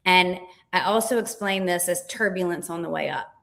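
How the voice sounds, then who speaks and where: A woman coach, a guest on an interview, explaining ideas in a lively, animated way and acting out little voices. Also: fairly low pitch, moderate pace, creaky. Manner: animated, dramatizes with acted-out voices. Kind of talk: casual interview chat.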